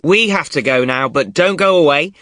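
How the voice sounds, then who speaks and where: Bright, clear male podcast host. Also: fairly high pitch, no room sound, clean studio sound. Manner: clear, measured presenting. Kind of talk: scripted podcast presenting.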